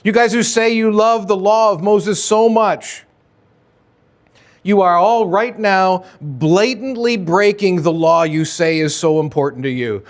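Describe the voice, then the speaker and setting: A man's voice: high voice, unhurried, pitched above the performer's own voice. A man preaching, putting on the voice of an indignant teacher who challenges his accusers insistently.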